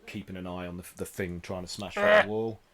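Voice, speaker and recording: A man from the United Kingdom narrating as game master, unhurried and full of ums and likes. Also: low-pitched. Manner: relaxed, hesitant narration with many fillers.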